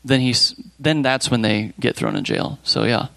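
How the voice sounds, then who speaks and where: A man's voice: medium pitch, wildly swooping pitch, moderate pace, gravelly, a bit bright, no echo. A man leading a Bible study group, reading a children's story aloud plainly, then chatting casually and hesitantly with the group.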